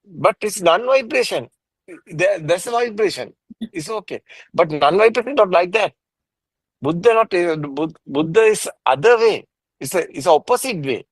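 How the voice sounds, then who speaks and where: Man explaining Buddhist ideas, somewhat high voice, halting repetitive phrasing, soft laughs, dry video-call sound. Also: no room sound, poor audio. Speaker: Buddhist teacher. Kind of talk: casual dharma discussion.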